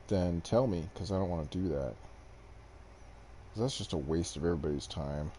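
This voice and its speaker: A man's voice: low voice, normal speed, mellow, a little hiss or hum. A young man streaming gameplay to a desk mic, chatting casually with viewers in a rambling, self-deprecating way. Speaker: game streamer. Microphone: desk microphone.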